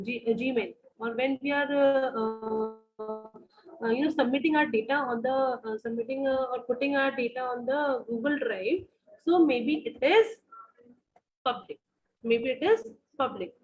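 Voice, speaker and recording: Indian english lady lecturing on a video call, high voice, lots of uh and repeats, kinda dull lo-fi sound. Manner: repeats phrases, many fillers, asks the class questions. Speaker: university lecturer. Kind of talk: online lecture.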